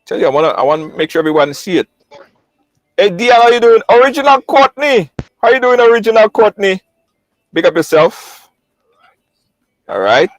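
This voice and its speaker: A man hosting a live online talk show, lively and repetitive, greeting viewers by name. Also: high voice, no room sound, rough recording. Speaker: host.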